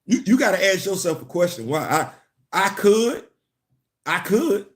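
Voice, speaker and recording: Hosting a relaxed live commentary channel on comics, this man speaks in a high voice at an unhurried pace. He's animated, laughing and chatting with viewers, repeating words and breaking off to greet them.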